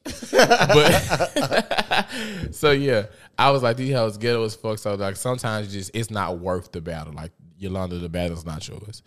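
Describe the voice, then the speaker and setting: Low-voiced man telling a story, animated and profane. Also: measured pace. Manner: animated, profane storytelling with loud laughing bursts. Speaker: podcast host. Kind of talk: casual storytelling chat.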